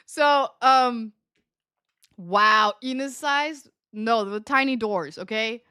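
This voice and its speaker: A woman's voice: fairly high pitch, very slow, bright, forceful tone, clean tone, dry recording, clean studio sound. A young woman live streamer casually telling a story to her chat, laughing often and swearing freely.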